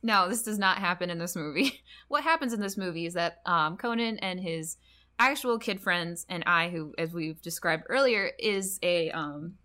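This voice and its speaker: A woman's voice: on the low side, moderate pace, sharp tone. A woman co-hosting a podcast in casual chat, rambling with lots of "like" and frequent laughter. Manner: rambling, heavy on "like", laughs often. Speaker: podcast co-host.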